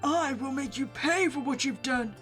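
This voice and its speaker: A woman shouting as a desperate summoner. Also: very high-pitched, slow, faint music behind, exaggerated voice. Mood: defiant. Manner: shouting commands. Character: desperate summoner fighting a demon.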